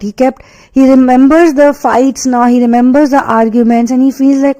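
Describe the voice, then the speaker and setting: Indian lady doing a tarot reading, kinda high but soft mellow voice, earnest, repeats herself a lot with lots of fillers. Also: fairly even intonation, moderate pace, poor audio. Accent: Indian English. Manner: earnest, repetitive, emphatic phrasing with many fillers. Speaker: tarot and energy reader. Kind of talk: spiritual reading monologue.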